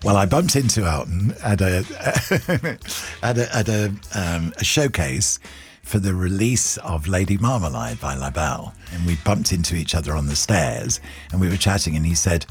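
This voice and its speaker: An older man, a radio guest telling lively stories and slipping into other people's voices. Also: deep voice, normal speed, faint music behind. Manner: animated anecdote-telling, doing voices and laughing. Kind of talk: radio interview storytelling.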